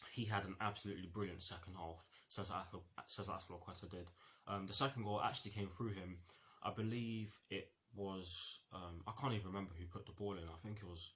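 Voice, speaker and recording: A man's voice: sits low, fairly bright tone, slight background noise. A man giving a casual football match review, rambling with many fillers, false starts and self-corrections.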